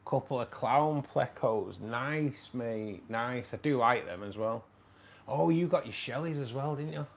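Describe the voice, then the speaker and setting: A man's voice: medium pitch, takes it slowly, creaky, pauses often. Chatty Mancunian man, dull lo-fi stream. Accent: Manchester. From Manchester, England. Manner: rambling, repeats phrases, says "mate" a lot. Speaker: live stream host. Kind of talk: casual live-stream chat with viewers.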